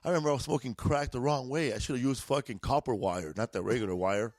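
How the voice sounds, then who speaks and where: A man's voice: mid-range voice, quick pace, a little mellow, no echo. A man from East Los Angeles spins loose, profane stories in a casual podcast chat, laughing as he goes. His voice sits in a middle range and is recorded dry, with no room sound around it. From East Los Angeles, USA. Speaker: comedian guest. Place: indoors, podcast studio.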